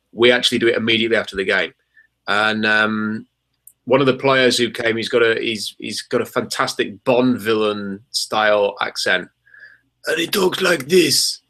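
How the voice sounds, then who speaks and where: A man's voice: fairly low pitch, pushed and bright. A man co-hosting a casual sports podcast, chatty and hesitant, with lots of ums. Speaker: podcast co-host.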